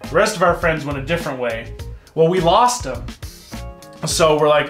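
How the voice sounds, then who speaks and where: Animated storytelling man in a roomy space. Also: on the high side, a little fast. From United States. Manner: animated, rambling storytelling with laughs. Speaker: guest. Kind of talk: casual storytelling in an interview. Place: indoor set, eating spicy wings. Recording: roomy room with faint music.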